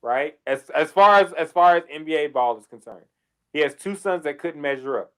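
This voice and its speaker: A man co-hosting a casual sports podcast, animated, with loud outbursts and heavy swearing. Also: a little high, normal speed, smooth. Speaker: podcast co-host.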